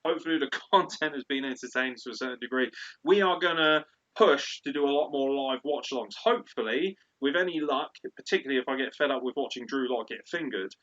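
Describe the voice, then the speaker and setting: A man's voice: medium pitch, fast talker, fairly bright tone. A man co-hosting a podcast in casual, rambling chat, swearing freely and laughing a lot. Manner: profane, laughs often, rambling. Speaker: podcast co-host. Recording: lo-fi dull audio.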